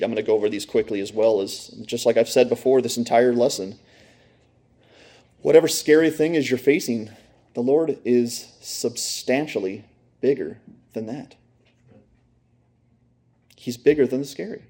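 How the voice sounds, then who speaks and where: A preacher teaching a lesson, this man has a medium-pitched, darkish voice. His sermon is conversational, built on storytelling with casual asides to his listeners.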